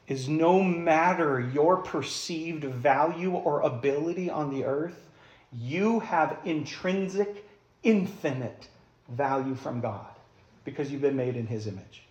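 Male pastor, fairly high voice, emphatic sermon delivery with rhetorical questions, echoey church room. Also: darkish tone.

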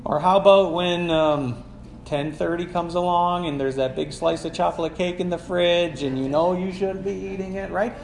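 A man in his forties preaches as a pastor, with a voice pitched high for a man. He talks to the congregation in a loose, animated way and leans on rhetorical questions. The room sounds echoey, with a faint hiss underneath. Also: normal speed, creaky. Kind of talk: sermon.

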